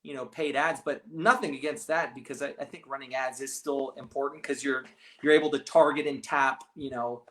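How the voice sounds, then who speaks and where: A man's voice: mid-range voice, steady tone, brisk, a bit bright. A man, a real estate agent, talking casually in an interview, rambling with many restarts and fillers. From California, raised partly abroad.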